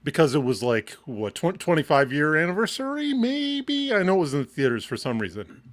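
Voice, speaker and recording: A man from Michigan co-hosting a casual live entertainment show, excitable and swearing freely, laughing often. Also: medium pitch, fast talker. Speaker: co-host. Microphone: wired mic on a short cord.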